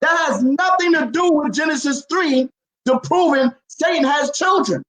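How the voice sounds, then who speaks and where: A man's voice: extremely high pitch, normal speed, fairly bright tone, roomy sound, rough recording. A man in a heated religious debate, quoting scripture and repeating his points insistently.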